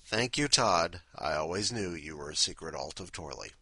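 A man's voice: low voice, lively intonation, moderate pace, bright, forceful tone, breathy edge, no echo. A man hosting a podcast in casual, rambling, self-deprecating chat. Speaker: podcast host.

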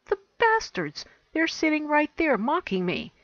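A woman voicing a paranoid eccentric man who rants and shouts. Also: fairly low pitch, sing-song, unhurried, no echo, lo-fi sound. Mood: agitated.

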